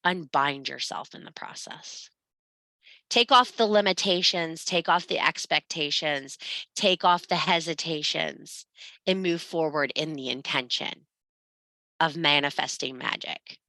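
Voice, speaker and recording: A woman's voice: low-pitched, animated, measured pace, gravelly, sharp tone, no room sound. A woman teaching a spiritual class, blunt and profane, scolding and urging her students. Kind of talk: blunt motivational class talk.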